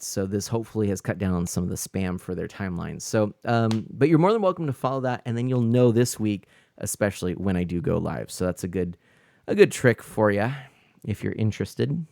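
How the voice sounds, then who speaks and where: A man's voice: on the low side, vocal fry, a little mellow, no echo, clean studio sound. A man chatting casually on a live stream while he plays, answering his chat as he rambles with lots of fillers and restarts.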